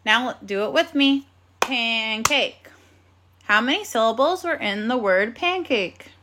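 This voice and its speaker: A woman teaching a phonics and grammar lesson to young children, speaking slowly and carefully in an encouraging classroom manner. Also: on the high side, animated, background noise.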